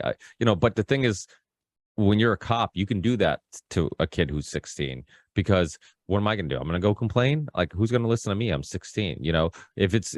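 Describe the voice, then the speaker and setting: A deep-voiced man hosts a podcast in clean studio sound with no echo. He rambles casually with many restarts and acts out the people he quotes in a raised voice.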